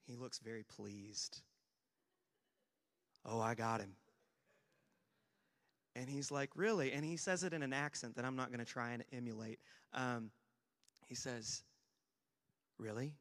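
A young man preaching a sermon, telling self-deprecating stories with sudden loud bursts of emphasis. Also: mid-range voice, normal speed. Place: church sanctuary. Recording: long hall reverb.

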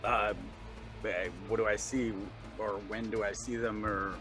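A man taking part in a tabletop role-playing game as a player, speaking quietly and hesitantly as he asks about and describes his character. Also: lowish voice, level tone, a little slow, faint music behind.

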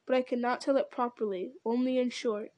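A woman voicing an ancient, slow and grave male tree-giant in a storybook reading, speaking in a solemn, deliberate way. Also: on the high side, steady tone, a little mellow, no echo, lightly acted.

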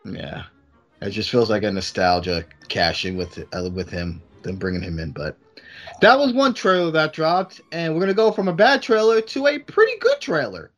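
A man co-hosting a podcast in casual chat, animated and sometimes trailing off to restart his thoughts. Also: a little high, moderate pace, soft background music. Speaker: podcast co-host.

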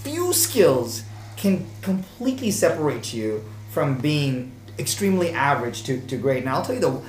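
A man hosting a casual conversation, animated and acting out the exchanges he quotes. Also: fairly high pitch, normal speed. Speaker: podcast host. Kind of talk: casual chat. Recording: echoey room with faint background noise.

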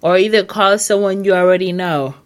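A woman's voice: medium pitch, fairly even intonation, brisk. A woman hosting a casual advice monologue, blunt and emphatic, swearing and repeating herself, hiccuping. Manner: emphatic, repetitive, blunt with profanity.

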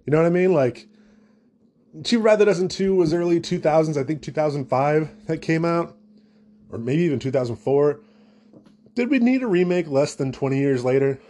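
A man's voice: a little high, brisk, mellow. A young man, a new father, hosting a solo comedy podcast in a rambling, jokey, self-deprecating way. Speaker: podcast host.

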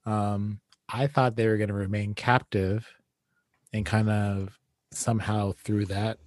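A man's voice: low-pitched, a little mellow, no room sound. A man co-hosting a podcast, talking casually about an anime episode, hesitant and correcting himself as he thinks aloud. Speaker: podcast co-host.

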